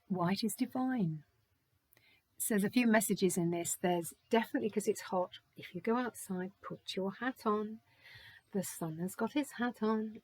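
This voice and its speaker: A woman's voice: medium pitch, darkish tone, slightly rough, dry recording. A woman doing a spiritual charm reading, gushing and thankful as she thinks aloud. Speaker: oracle reader.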